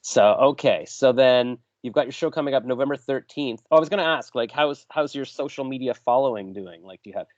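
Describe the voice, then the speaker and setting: A man's voice: medium pitch, a little fast, few pauses, no echo. A man hosting a podcast interview, telling long rambling stories and interrupting himself. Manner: rambling, self-interrupting storyteller. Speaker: podcast host. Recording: dull dry lo-fi sound.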